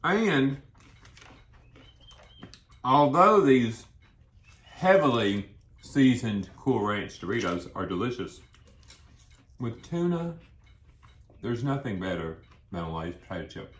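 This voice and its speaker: A man's voice: mid-range voice, very animated, takes it slowly, pauses often, fairly bright tone, slight background noise. A man chatting casually while he eats, rambling from one thought to the next with food in his mouth. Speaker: co-host of a food vlog. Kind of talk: casual mukbang chat while eating. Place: indoors at a table, eating. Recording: echoey room.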